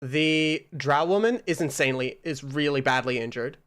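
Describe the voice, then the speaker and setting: A man's voice: medium pitch, moderate pace, a bit bright, smooth. A man narrating a tabletop game as game master, casual and loose, with plenty of fillers.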